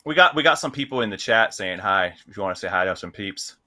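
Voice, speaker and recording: A man's voice: fairly low pitch, lively intonation, fast talker, pushed and bright, dry recording. A man co-hosting a casual podcast, playful and jokey as he reads out viewers' names. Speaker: podcast co-host. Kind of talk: casual live-stream chat.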